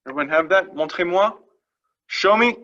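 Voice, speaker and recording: A man's voice: a little high, lively intonation, unhurried, fairly bright tone, highs cut off. A man teaching French vocabulary to a class, explaining each phrase patiently and checking in after each one. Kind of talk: classroom lesson.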